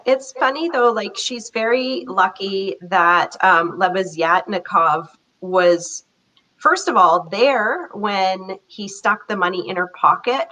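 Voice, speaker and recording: A woman guest in a casual book club discussion over a video call, amused and unhurried. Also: mid-range voice, sharp tone, low-quality recording.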